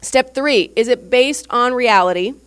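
A woman pastor with a slightly higher voice preaches to her congregation at a church service. Her talk is informal and candid, more like a conversation than a lecture, and she acts out what other people said. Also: a little slow. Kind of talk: teaching sermon.

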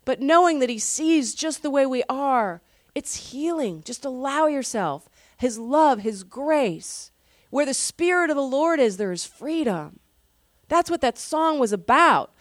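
A woman pastor giving a sermon in an earnest, conversational way, often dropping to a soft, quiet voice. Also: high-pitched, expressive, a little slow, no echo, clean studio sound.

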